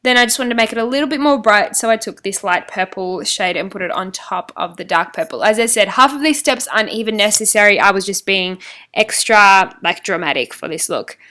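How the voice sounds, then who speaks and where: A woman's voice: mid-range voice, animated, brisk, pushed and bright. A young woman giving a chatty, rambling voice-over for a makeup tutorial, joking about her own slips. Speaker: beauty vlogger.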